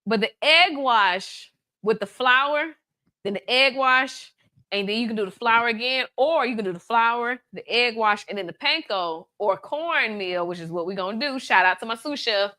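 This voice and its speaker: A bright, sharp-toned woman talks viewers through a live cooking demo. Her pitch sits a little high, and she keeps it chatty and playful, tossing teasing asides at the audience between steps. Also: expressive, normal speed. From Atlanta, USA. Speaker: cooking show host, baker.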